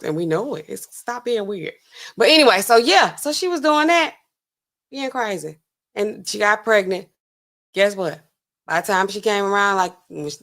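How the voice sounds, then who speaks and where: A woman pharmacist hosting a casual reaction commentary, talking in a sassy, colloquial, animated way. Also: gravelly. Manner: animated, sassy, colloquial, swings pitch for emphasis. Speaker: pharmacist host.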